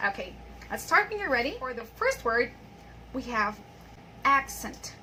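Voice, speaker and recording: A young woman hosting an English pronunciation lesson, explaining rules and reading example words and sentences aloud with clear stress. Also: a little high, sing-song, moderate pace, pushed and bright, a little hiss or hum, poor audio. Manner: explains with repeated filler phrases like "by the way".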